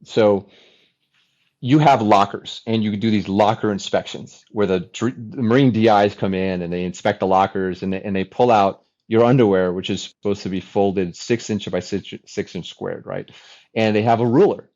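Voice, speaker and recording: A man in his forties, a former fighter pilot, telling his story as a podcast guest in an animated, chatty way with many restarts. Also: lowish voice, moderate pace, lo-fi sound. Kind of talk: casual storytelling interview.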